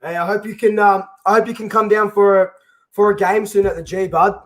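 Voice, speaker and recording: Excitable tipsy Australian man, stammering. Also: high voice, brisk. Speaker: show host. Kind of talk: casual footy chat.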